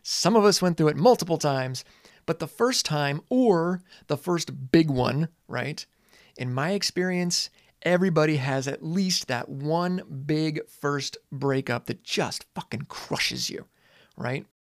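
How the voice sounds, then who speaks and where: Earnest, slightly high-voiced man. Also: no room sound, clean studio sound. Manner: earnest, conversational, swears casually, dramatic pauses. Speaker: teacher and parent. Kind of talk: reflective monologue.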